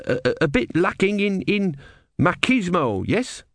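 A man voices a hesitant, stammering young male novice in an exaggerated, high-pitched voice pitched above his natural range. The delivery is very animated yet unhurried, with a fairly bright tone and studio quality free of echo.

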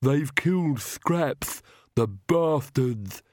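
A man voicing a big, gruff castle servant who talks slowly in a thick, sorrowful voice. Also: mid-range voice, lively intonation, darkish tone, dry recording, studio quality, pitched above the performer's own voice. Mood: mournful.

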